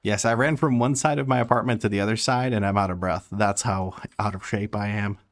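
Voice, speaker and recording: A man's voice: lowish voice, steady tone, fairly quick. A young man chatting casually while streaming a game, reading and answering chat with frequent laughter.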